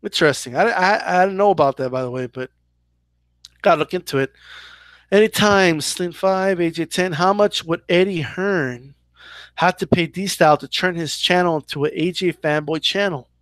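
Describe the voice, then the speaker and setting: A man's voice: high-pitched, normal speed, a bit bright, no room sound. A man hosting a casual live Q&A about boxing, chatty and loose, full of "like" and "right?" as he answers viewer questions. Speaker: boxing channel host.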